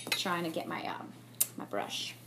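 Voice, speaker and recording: A woman's voice: a little slow, very noisy. Chatty young woman doing her makeup. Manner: candid, chatty and reflective, with many fillers and restarts. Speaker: beauty vlogger. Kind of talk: get-ready-with-me chat. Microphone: camera mic on a tripod.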